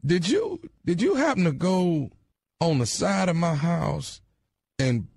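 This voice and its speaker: A man doing a gruff homeowner with a deep, low-pitched voice. He halts over his words with many uhs. The voice sounds dry and close. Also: big pitch swings, slow, darkish tone, no echo, heavily acted. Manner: hesitant, full of uhs. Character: gruff, upset male homeowner.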